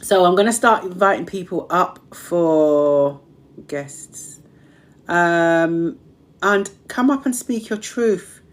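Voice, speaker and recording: A woman's voice: fairly low pitch, lively intonation, takes it slowly. A woman hosting a motivational live stream, emphatically repeating affirmations to her community, her voice strained and tiring.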